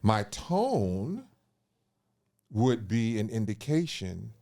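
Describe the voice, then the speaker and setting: A man hosting a casual podcast conversation, talking in an animated, thinking-aloud way with repeated fillers and restarts. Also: fairly low pitch, drawn-out words, gravelly. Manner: animated, lively storyteller who acts out quoted voices. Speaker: podcast host.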